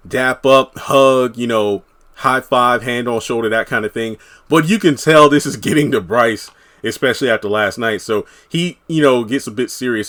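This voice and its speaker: A man's voice: medium pitch, a bit bright. A man giving a casual, rambling recap of a TV episode, full of "you know" fillers. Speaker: TV episode reviewer.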